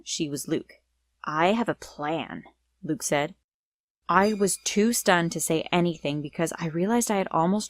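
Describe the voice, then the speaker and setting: A young woman giving a dramatic first-person storytime narration. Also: fairly low pitch. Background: faint music.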